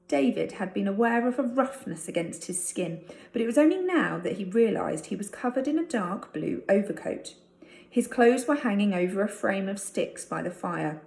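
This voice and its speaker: A woman's voice: mid-range voice, lively intonation, normal speed, gravelly, a little mellow. A woman teacher reading a chapter of a storybook aloud to her class. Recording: roomy echo.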